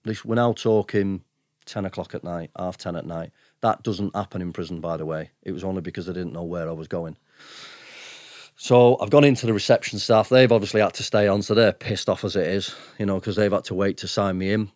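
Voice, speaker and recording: A man's voice: low-pitched, a little fast, a little mellow, dry recording, studio quality. A man telling his story as a podcast guest, blunt and sweary, chuckling between anecdotes. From United Kingdom. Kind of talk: casual storytelling.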